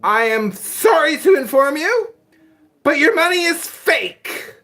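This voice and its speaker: A man's voice: extremely high pitch, sing-song, slow pace, pushed and bright, pitched above the performer's own voice, exaggerated voice. A man voicing a prim, formal male restaurant manager who speaks with stiff, overly polite manners. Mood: prim, scolding.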